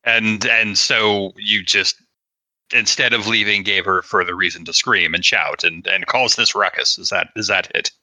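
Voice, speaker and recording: A man's voice: lowish voice, fairly even intonation, normal speed, pushed and bright, no echo, poor audio. A man voicing a hot-tempered family man who scolds and accuses with scorn. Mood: accusing.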